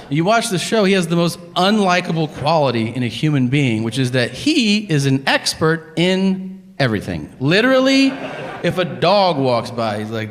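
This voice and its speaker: A man's voice: a little high, sing-song, moderate pace, long reverb tail. A man telling sarcastic, profane stories in a stand-up routine. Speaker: stand-up comedian.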